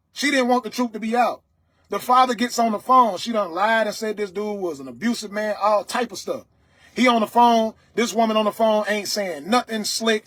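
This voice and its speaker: A man lectures his livestream audience in a loud, stern, preaching voice and keeps checking in with "you understand me?" His voice sits high for a man and has a husky grain. The sound is close and dry, with no room echo. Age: adult, father of several children. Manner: dialect grammar, repeated "you understand me?". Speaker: livestream host. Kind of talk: motivational talk to viewers.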